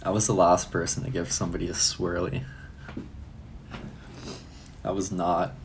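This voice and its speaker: A man's voice: sits low, flat delivery, normal speed, gravelly, pauses often, slight background noise. A young man chatting casually on a live stream, loose and profane, laughing often. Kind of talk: casual live-stream chat answering comments.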